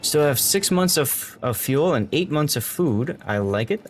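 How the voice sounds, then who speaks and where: A man's voice: fairly high pitch, expressive, measured pace, faint music behind. A man live-streaming a city-building game, thinking aloud and greeting his chat as he plays. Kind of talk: casual live-stream gameplay commentary.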